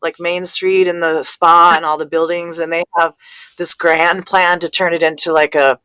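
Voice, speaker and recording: A woman speaking as a guest in a casual conversation, talking haltingly with many fillers and restarts. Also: fairly low pitch, level tone, bright, forceful tone, clean tone, dry recording. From California.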